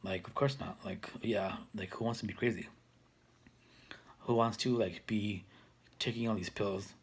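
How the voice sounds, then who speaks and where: Husky rambling man in his thirties. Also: on the low side, fairly even intonation, a little slow. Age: 30s. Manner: rambling, restarts, many fillers. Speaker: vlogger. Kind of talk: casual talk to camera.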